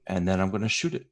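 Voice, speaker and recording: A man with a notably low voice plays a tabletop game, calling out his dice rolls and damage. He talks in a relaxed, slightly halting way, with fillers between his numbers. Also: gravelly. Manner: easygoing, slightly hesitant, reading out rolls. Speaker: player. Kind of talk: casual tabletop game play.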